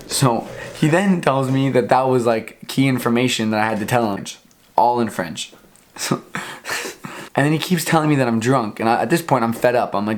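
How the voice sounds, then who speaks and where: A young man, vlogging a casual story, animated and swearing freely while he acts out both sides of a conversation. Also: medium pitch, moderate pace.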